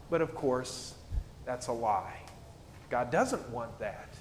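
A man's voice: medium pitch, sing-song, slow, slight background noise. A male pastor preaching a sermon in a plain-spoken, conversational way, with casual asides as he explains. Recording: echoey church hall with long reverb.

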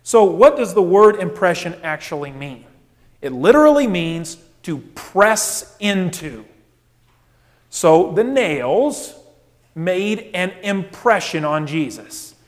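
Brief: male preacher, high-pitched for a man, emphatic sermon with rhetorical questions, reverberant hall. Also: animated, slow. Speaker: pastor.

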